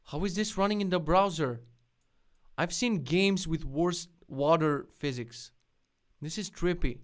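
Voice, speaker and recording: A young man hosting a live stream about web development, reacting excitedly to links and swearing often with loud outbursts. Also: fairly high pitch, unhurried. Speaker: streamer host.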